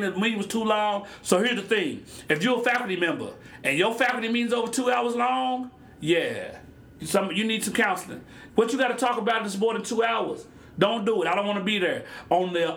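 Animated bright-voiced man riffing on a podcast. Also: high-pitched. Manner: animated, joking, talks in topics and sidebars. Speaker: podcast host. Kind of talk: casual solo podcast monologue.

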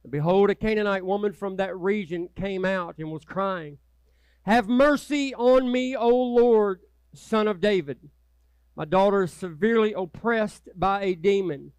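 A male pastor preaching a passionate sermon, moving from loud, urgent appeals to hushed, quiet prayer. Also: high-pitched, unhurried, clear, resonant tone, no room sound.

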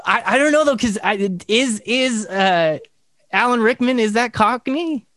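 A young man co-hosting a podcast in casual chat, joking and laughing often, with halting restarts. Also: very high-pitched, animated, a bit bright, no room sound. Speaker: podcast co-host.

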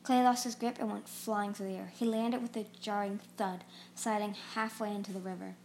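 A woman's voice: mid-range voice, steady tone, brisk, creaky, a little mellow, slight background noise. A woman narrating a fantasy novel aloud as an audiobook reader, often stumbling and restarting words.

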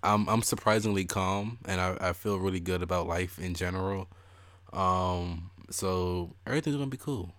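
A young man with a deep voice co-hosts a casual podcast chat at a normal speed, recorded dry. He tells stories animatedly and acts out what people said.

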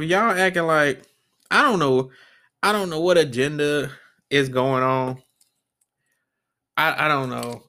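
A man hosts a solo podcast with no script, talking bluntly and with plenty of profanity. His voice is bright and forceful, and he keeps circling back over his own sentences. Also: medium pitch. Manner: blunt, profane and rambling, with repeated restarts. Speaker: podcast host. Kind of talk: unscripted solo podcast rant.

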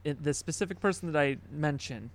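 A man hosting a casual chat, talking in halting bursts and laughing at himself. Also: fairly high pitch. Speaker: podcast host.

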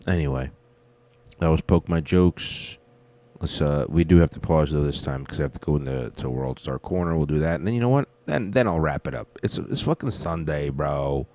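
At home at night, a podcast host delivers a rambling, profane, self-deprecating comedic monologue into a close-up mic. His bass voice is dark-toned at a moderate pace.

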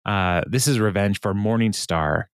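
A lower-voiced man chats through a recap, laughing a lot and dropping into quick quoted lines. The sound is dry and close, with no room around it. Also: clean tone, no echo. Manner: laughs often, quotes characters in quick bits. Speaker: podcast host recapping an episode. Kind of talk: casual recap chat.

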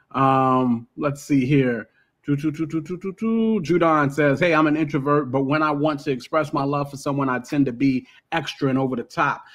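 A man's voice: a little high, a bit bright. A man hosting a casual podcast discussion, loose and filler-heavy, with playful throwaway asides. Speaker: podcast host.

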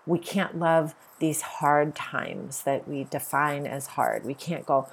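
A woman's voice: deep voice, slow, creaky, few pauses, a little hiss or hum. A middle-aged woman hosting a podcast, giving an earnest spiritual monologue and repeating her points for emphasis. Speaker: podcast host.

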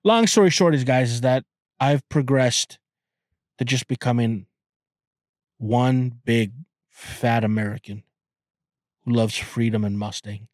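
A man's voice: mid-range voice, measured pace, long pauses, no room sound, studio quality. A man hosting a podcast, chatting casually in a rambling, profane way with many stammered restarts. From Canada. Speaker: podcast host. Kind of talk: casual chat.

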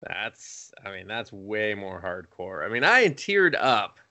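A young man co-hosting a casual podcast, swearing freely and acting out quotes in a higher voice. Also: sing-song, takes it slowly, sharp tone. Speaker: podcast co-host. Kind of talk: casual chat.

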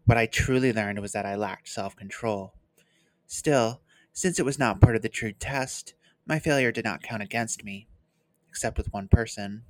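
A reader voicing a frail cold male mage, hushed and gentle, storybook reading, dry close mic. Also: medium pitch, moderate pace, no room sound, close to an everyday voice. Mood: cold, calm. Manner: soft, quiet and gentle. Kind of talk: read-aloud novel passage.

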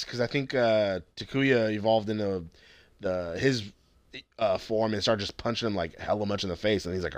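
Speaking at a moderate pace in a lowish voice, a young podcast co-host casually runs through an anime episode alongside his partner. He curses constantly, gets excited, and performs the scenes in different voices, with no echo on the audio.

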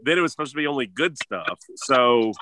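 Young man, bright voice, lively pitch, joking, dry sound. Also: fairly quick, a little hiss or hum. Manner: joking, laughs often. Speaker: family member on show. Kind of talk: casual family chat.

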